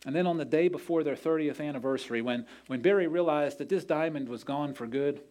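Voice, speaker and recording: A man's voice: on the high side, brisk, a little mellow. A man preaching a sermon, telling a story in an earnest way and acting out the quoted voices. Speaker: pastor.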